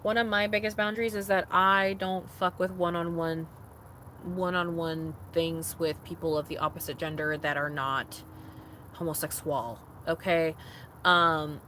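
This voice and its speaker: A woman's voice: lowish voice, steady tone, normal speed, fairly bright tone. Young adult woman, casual vlog rant, blunt and profane, faint background noise. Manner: blunt, profane, emphatic repetitions. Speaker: vlogger.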